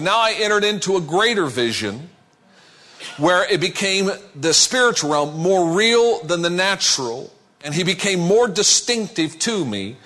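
Middle-aged guy preaching, bright ringing tone, tells his story big and dramatic, dips way low for effect. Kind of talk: sermon testimony.

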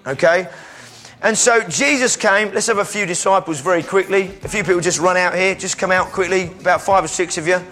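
High-voiced energetic male preacher. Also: brisk. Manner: energetic, calls out to the crowd, bursts into shouts. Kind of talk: lively sermon calling up volunteers. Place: church.

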